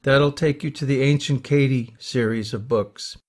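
A man's voice: mid-range voice, steady tone, moderate pace. A man reading a short closing announcement for his audiobook in a plain, direct way. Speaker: author promoting his books.

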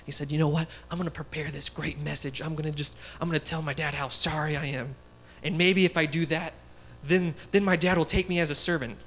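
A man's voice: a little high, fairly even intonation, a little fast, hardly any pauses, fairly bright tone, a little hiss or hum. A young man giving a casual, story-driven sermon, chatty and laughing as he talks. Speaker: guest speaker.

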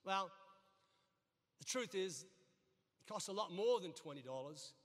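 Here a middle-aged man delivers a sermon from the church sanctuary, his high voice expressive and his pace slow. He spins folksy, funny stories, repeats himself often, and the big hall adds a long, lingering reverb.

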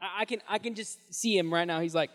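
Young guy preaching to youth, high voice, super animated, slangy, loud then hushed, echoey hall. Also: quick pace. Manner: animated storytelling, casual slang, swinging loud and soft. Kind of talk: sermon. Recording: long echoey hall reverb.

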